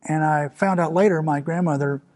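A man's voice: on the high side, steady tone, normal speed, darkish tone. A male pastor preaching a sermon, telling a personal story in an earnest manner full of repetition and sudden swells of emphasis.

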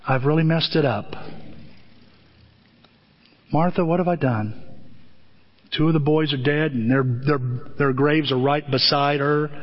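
A man voicing a weary film-star farmer at prayer in a halting, drawn-out drawl. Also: on the high side. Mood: anguished. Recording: dull echoey hall recording.

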